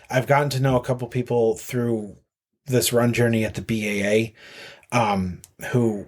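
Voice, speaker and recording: A man, a podcast guest telling a long story casually, full of fillers and restarts. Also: lowish voice. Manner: rambling with many fillers and restarts. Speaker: podcast guest, marathon runner.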